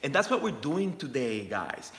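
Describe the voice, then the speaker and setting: A man's voice: medium pitch, big pitch swings, moderate pace, a bit bright. A middle-aged man hosting a wellness livestream, talking enthusiastically and often asking "right?". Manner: enthusiastic, repeats himself, asks "right?" often. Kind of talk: motivational livestream talk. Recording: echoey room with long reverb.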